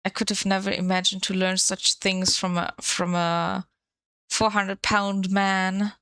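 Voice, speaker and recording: A woman's voice: medium pitch, little pitch movement, measured pace, a bit bright, clean tone, no echo. A woman streamer chatting casually on a live stream, playful and swearing freely into a desk microphone.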